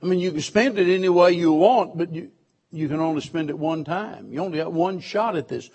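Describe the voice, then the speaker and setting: A man's voice: on the high side, a little fast, a little mellow. A man preaching a sermon to his church, emphatic, repeating key phrases and asking the listeners questions.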